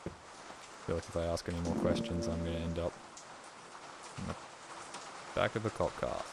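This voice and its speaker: Deep-voiced joking young man streaming. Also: normal speed, creaky, heavy background noise. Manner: crude deadpan jokes and rambling anecdotes. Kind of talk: casual gaming stream chat.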